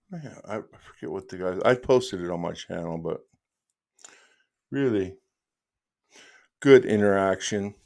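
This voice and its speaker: A man's voice: lowish voice, darkish tone. A man hosting a live stream, chatting casually and rambling in a friendly way, often restarting his sentences and calling the listener dude.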